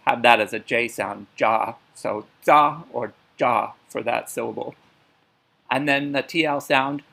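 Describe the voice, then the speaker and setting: A man's voice: mid-range voice, vocal fry, a bit bright, rough recording. A man giving a methodical language lesson, pronouncing syllables one by one. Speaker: language teacher. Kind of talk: instructional lecture.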